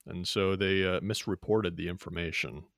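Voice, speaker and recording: A man's voice: low voice, fairly even intonation, normal speed, a bit bright, no room sound, studio quality. A man co-hosting a personal finance show, explaining things plainly and easily with a few fillers. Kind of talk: casual radio show banter.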